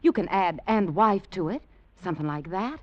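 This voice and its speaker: A woman's voice: lowish voice, lively intonation, normal speed, no echo, lightly acted. A woman playing a scheming young Virginian. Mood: urgent. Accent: American Southern. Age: young adult. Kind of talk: 1940s radio acting. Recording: dull lo-fi old radio broadcast.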